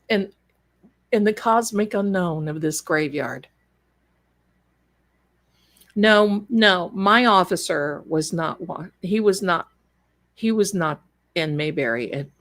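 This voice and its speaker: A woman's voice: on the low side, fairly bright tone. A woman telling a spooky personal story on a live show in a chatty, dramatic and folksy way, calling her listeners darlings.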